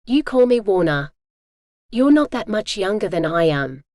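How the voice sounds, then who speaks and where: A woman's voice: medium pitch, big pitch swings, a little slow, a little mellow, no echo, studio quality. A woman voicing a charming young Texan hotelier. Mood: friendly. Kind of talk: audiobook character voice.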